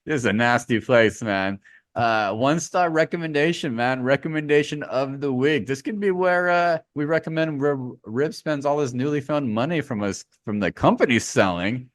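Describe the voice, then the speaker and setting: A male podcast co-host talking in loose, animated banter, peppered with slang and swearing. His voice sits at an ordinary pitch, recorded close on a dry, dead-sounding mic. He rambles easily from one bit to the next. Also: normal speed, dry recording. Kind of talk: casual chat.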